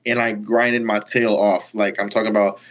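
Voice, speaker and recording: A young man from Brazil, telling stories as a guest in a casual interview, animated and full of "like" and "you know". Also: fairly low pitch, normal speed. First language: Portuguese. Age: young adult. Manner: animated, acts out quoted lines, filler-heavy. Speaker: college baseball player, guest. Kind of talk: casual storytelling.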